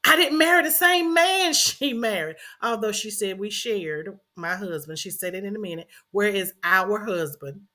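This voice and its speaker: A woman's voice: medium pitch, normal speed, hardly any pauses, bright, forceful tone. A middle-aged woman, earnestly telling a personal story as a podcast host and repeating phrases for emphasis.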